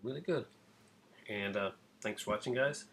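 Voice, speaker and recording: A man giving a casual spoken review to his channel, rambling with many pauses, fillers and restarts. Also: fairly low pitch, fairly bright tone, a little hiss or hum. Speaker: video reviewer.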